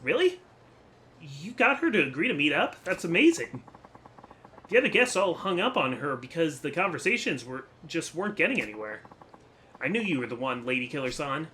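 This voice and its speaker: A man's voice: fairly high pitch, very animated, brisk, sharp tone, slight background noise, voice pushed up. A man voicing a sweet, gushing young woman who works the desk at a telephone club.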